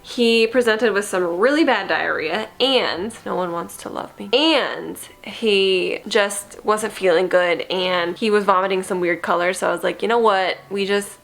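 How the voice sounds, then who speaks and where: A young woman chatting casually in a home vlog, laughing easily and cooing at her cat in a high baby voice, filmed on a phone camera. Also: measured pace, creaky, few pauses. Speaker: kitten foster vlogger. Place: home and car.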